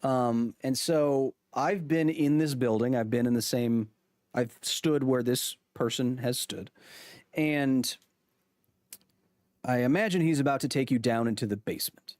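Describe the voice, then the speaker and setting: This science podcast host, a man in his thirties, chats with livestream viewers at a slightly slow pace in a medium-pitched, slightly mellow voice. The recording is dry and clean, and he's jokey and teasing, full of fillers and restarts.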